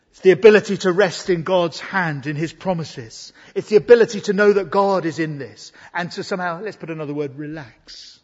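A man preaching an earnest, emphatic sermon to a congregation. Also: on the high side. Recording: dull sound in a reverberant hall.

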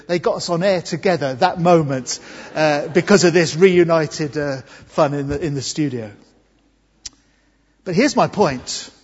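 A man from England delivers an Easter sermon in a church, earnest and emphatic, dwelling slowly on key words. His voice is breathy and a little high for a man. The sound is dull and washed in the long reverb of a large hall. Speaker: preacher.

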